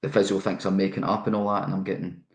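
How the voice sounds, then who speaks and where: A middle-aged Scottish former footballer, a guest telling lively anecdotes in a casual interview. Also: male voice, deep voice, racing, reverberant. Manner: animated anecdote telling with laughs.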